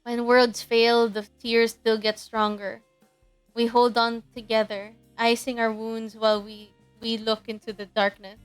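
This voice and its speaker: A young woman streaming, reading a dating game aloud in a giggly, animated way. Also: a little high, normal speed, clear, resonant tone, no echo, faint music behind.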